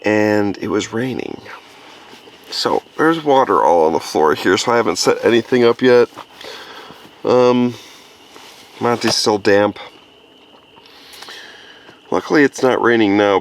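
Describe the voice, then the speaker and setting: A man's voice: fairly low pitch, vocal fry, slight background noise. A man vlogging on a wilderness camping trip, coaxing his dog in a sing-song voice and chatting casually. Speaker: outdoor vlogger. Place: outdoors in the woods at a campsite.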